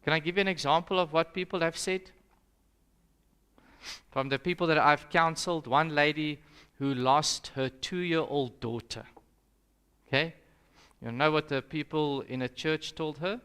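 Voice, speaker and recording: A man's voice: fairly high pitch, unhurried, long pauses, fairly bright tone, clear, resonant tone. A young South African man, a pastor, leading an interactive Sabbath school lesson and putting questions to the audience in a conversational way. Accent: South African English.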